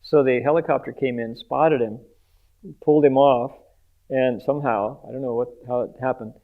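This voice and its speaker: Man, animated storyteller, sound effects, tinny phone-like sound. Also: medium pitch, normal speed. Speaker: interviewer retelling a guest's story.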